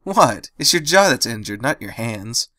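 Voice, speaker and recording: A man's voice: mid-range voice, big pitch swings, measured pace, sharp tone, no room sound, clean studio sound. A man voicing a brash, teasing female pegasus pony. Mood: pushy.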